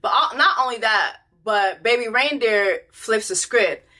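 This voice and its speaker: An American woman riffing on a reality show in casual, blunt commentary. Her voice is bright and clear, and she talks with animated, profane energy, swinging between teasing and exasperation. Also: a little high, measured pace.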